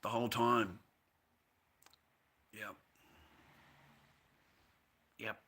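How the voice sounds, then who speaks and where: A man's voice: lowish voice, little pitch movement, drawn-out words, bright, forceful tone. An Australian man telling a long story in a profane, repetitive, casual monologue. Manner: profane, repetitive, addresses the listener as mate and bro. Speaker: vlogger recounting a story.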